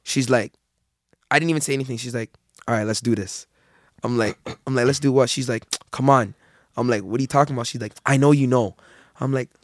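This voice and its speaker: A young man, telling a story in casual podcast chat, animated and heavy on slang and swearing. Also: mid-range voice, no echo, studio quality. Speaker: podcast guest.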